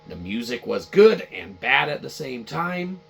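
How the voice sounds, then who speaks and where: A man's voice: medium pitch, big pitch swings, a little slow, gravelly, fairly bright tone, slightly rough. A man hosting a podcast, ranting casually about a video game in a rambling, profane, repetitive way. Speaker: podcast host. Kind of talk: casual game-review rant.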